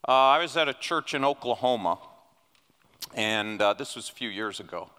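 A man preaches a sermon from the pulpit, his voice bright and ringing. He swings widely in pitch and builds to emphatic peaks. The sound carries a long reverb from a church hall. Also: normal speed, smooth. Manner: animated, rising to emphatic peaks. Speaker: guest preacher. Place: church sanctuary.

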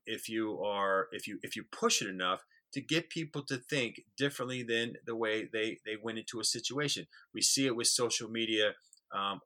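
Podcast co-host, male, lowish voice with a sharp, tense edge, earnest and halting. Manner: earnest, repeats words when starting sentences. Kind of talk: casual conversational storytelling.

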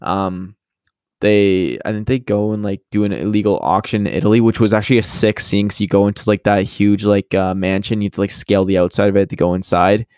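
A young man talking casually, his voice on the low side and recorded dry and close. He rambles with lots of fillers and acts out characters' lines as he talks. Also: flat delivery, fairly quick, a little mellow, clear, resonant tone, dry recording. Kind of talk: casual chat.

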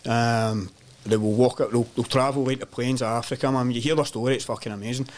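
On a podcast, a Scottish man shares animated travel tales laced with swearing, keeping it casual and calling people "mate" and "man" along the way. He talks quickly, with a medium-pitched voice.

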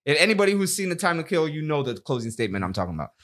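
A man telling stories in casual podcast chat, relaxed, with trailing pauses and fillers. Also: a little high. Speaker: podcast co-host.

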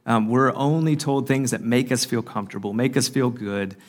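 At a marriage conference in a conference hall, a man who hosts a podcast gives an earnest, faith-based talk. His voice sits at a medium pitch and moves at a normal speed, often broken by fillers and restarts.

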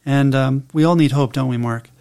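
Calm, measured man teaching scripture. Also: medium pitch, creaky, smooth. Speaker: podcast co-host and Bible teacher. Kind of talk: casual faith podcast chat.

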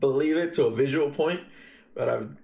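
A man's voice: on the high side, a little fast, creaky. A young man from Guatemala, a podcast guest, telling a story casually with lots of swearing and acted-out quotes. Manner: animated storytelling, heavy swearing, acts out quotes.

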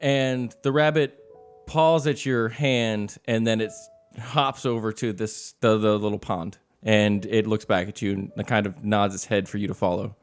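A man running a tabletop game as game master, narrating scenes in a relaxed way with frequent chuckles. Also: fairly low pitch, a little slow, smooth, soft background music.

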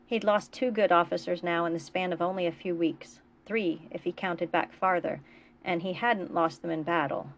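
Author-narrator, woman, steady storybook reading, low register. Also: normal speed, highs cut off. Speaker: author reading her fiction. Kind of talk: reading a novella aloud.

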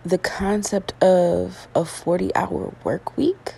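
A woman's voice: lowish voice, fairly even intonation, takes it slowly, creaky, mellow, breathy edge. A woman vlogging in a casual, rambling monologue, frank and swearing freely, while getting over an illness with yawns and coughs. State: recovering from illness, yawning and coughing. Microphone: self-recorded.

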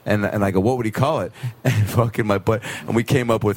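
A man's voice: on the low side, fairly even intonation, brisk. A middle-aged man hosting a podcast, chatting casually and enthusiastically, laughing and swearing a lot. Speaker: podcast host.

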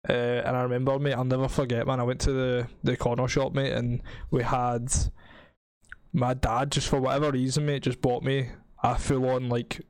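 A man's voice: medium pitch, level tone, moderate pace, no room sound. A young Scottish man hosting a chat, sweary and matey, laughing a lot. His voice sits mid-range, recorded close in a dry room. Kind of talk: casual chat.

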